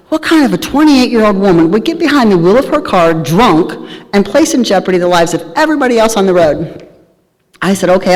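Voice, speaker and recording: Woman telling her story in a hall. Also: mid-range voice. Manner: candid, humorous, animated storytelling. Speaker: speaker sharing recovery story. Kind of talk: storytelling talk at a recovery meeting. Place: large hall at a live event. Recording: reverberant hall.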